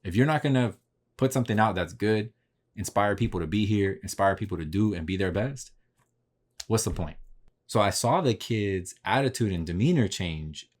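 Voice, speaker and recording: On his podcast, a man recounts a story casually, full of slang and swearing, acting out past conversations. He talks at a moderate pace with an animated, low-leaning voice.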